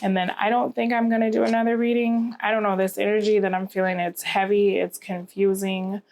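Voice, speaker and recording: A woman's voice: mid-range voice, flat delivery, a little fast, darkish tone. A tired, yawning woman giving a rambling tarot reading to camera, often asking "okay?". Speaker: tarot reader.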